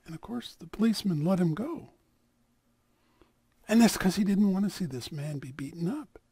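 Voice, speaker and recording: A man telling a story aloud in an animated, dramatic way. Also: sits high, normal speed, slightly rough. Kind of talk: oral storytelling.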